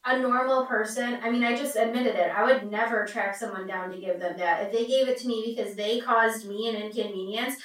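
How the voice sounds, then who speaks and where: A woman's voice: fairly high pitch, fairly even intonation, brisk, hardly any pauses, rough recording. A woman co-hosting a casual podcast chat, blunt and joking in her opinions.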